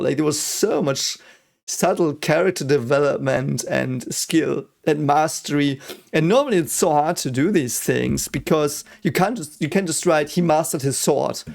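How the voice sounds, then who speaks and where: A man hosting an anime reaction, talking excitedly with swearing and many restarts. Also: medium pitch, vocal fry. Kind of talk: casual reaction commentary.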